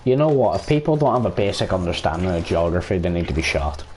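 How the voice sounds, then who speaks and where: Irish man, game streamer, deep-ish voice, mellow dark tone, profane ranting chat. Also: sing-song, fast talker, a little hiss or hum. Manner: profane, ranting, talks over gameplay. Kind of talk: casual gaming chat.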